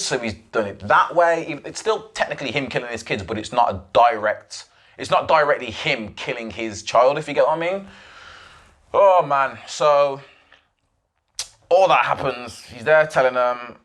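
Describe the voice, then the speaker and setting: A man's voice: medium pitch, animated, moderate pace, a bit bright. A young man hosting his own podcast, retelling events at length in an emphatic, rambling way with frequent restarts and asides. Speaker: podcast host. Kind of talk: solo podcast monologue.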